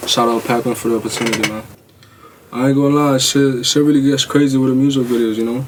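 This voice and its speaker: Guy chilling, monotone, far from mic, bit of background noise. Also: medium pitch, fast talker. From London. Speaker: photographer and videographer. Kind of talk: casual introduction.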